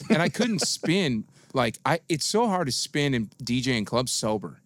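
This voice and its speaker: A man's voice: mid-range voice, big pitch swings, moderate pace, no echo. Crude laid-back guy telling stories. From Dallas, Texas. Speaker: podcast guest, DJ. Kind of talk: casual storytelling chat.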